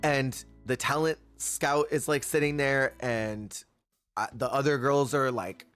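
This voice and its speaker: A man streaming casually while gaming, retelling reality-show moments in an animated way and acting out the quotes himself. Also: mid-range voice, a little slow, soft background music. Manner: animated storyteller who acts out quotes. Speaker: Twitch streamer.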